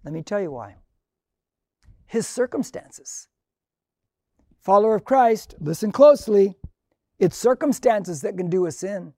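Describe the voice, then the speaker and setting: A man's voice: high-pitched, expressive, measured pace, long pauses, darkish tone, no room sound, studio quality. A middle-aged man preaching a sermon, building emphasis through repeated phrases and rising calls. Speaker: pastor.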